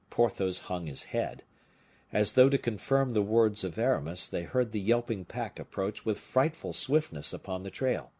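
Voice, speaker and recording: Husky, expressive male storyteller. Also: fairly low pitch, moderate pace. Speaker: narrator. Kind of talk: audiobook narration.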